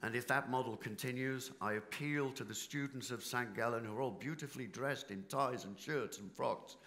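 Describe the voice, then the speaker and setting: Middle-aged British union leader, impassioned debate speech, bright edge to the voice. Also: male voice, medium pitch, moderate pace. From Britain. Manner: passionate, rhetorical, builds with repetition. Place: conference hall stage.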